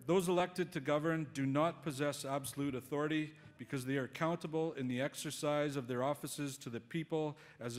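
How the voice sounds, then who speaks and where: A man's voice: a little high, in a large hall. A man serving as master of ceremonies, giving a polished, genial, formal address at an official ceremony. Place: hall at official residence.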